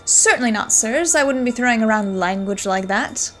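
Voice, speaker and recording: A woman's voice: a little high, lively intonation, normal speed, lightly acted. A woman voicing a polite male ghost train conductor who speaks formally and keeps adding "sir". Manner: formal, ends lines with "sir".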